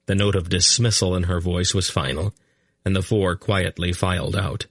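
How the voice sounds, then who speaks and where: A man narrating a fantasy audiobook in a slow, measured reading. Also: low-pitched, fairly even intonation, a bit bright, dry recording, studio quality. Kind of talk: scripted narration.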